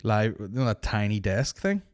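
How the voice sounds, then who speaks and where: A man hosts a comedy podcast in a slightly low voice. He rants with plenty of swearing and mocking asides, and his delivery stays animated throughout. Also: normal speed. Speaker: podcast host.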